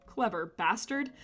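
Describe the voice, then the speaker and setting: A woman streamer chatting casually with her live chat, playful and rambling, laughing often between remarks. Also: sits high.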